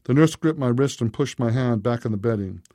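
A man narrating a first-person story in a steady, unhurried way. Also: medium pitch, no echo, clean studio sound.

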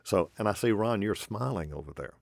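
A man's voice: fairly low pitch, lively intonation, fairly quick, vocal fry, dry recording, studio quality. A man hosting a radio interview show, explaining things in a folksy, conversational way. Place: radio studio.

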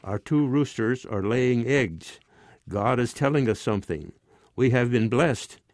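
Man reading pious old grandmother over 60, calm, confident, slow, dry close sound. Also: medium pitch, no echo, lightly acted. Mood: serene. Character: pious old widowed grandmother, serene and certain.

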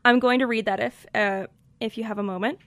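A woman's voice: on the high side, fairly even intonation, a little fast, a bit bright, no echo. A woman from Colorado with an American accent, hosting a podcast, chatting thoughtfully and reading poetry aloud. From Colorado, USA. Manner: thoughtful, with fillers. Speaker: podcast host. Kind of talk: casual chat and poetry reading.

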